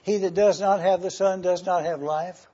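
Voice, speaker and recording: A man preaching a sermon, teaching and emphatic, bursting into sudden excitement as he explains. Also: high voice, moderate pace, lo-fi sound.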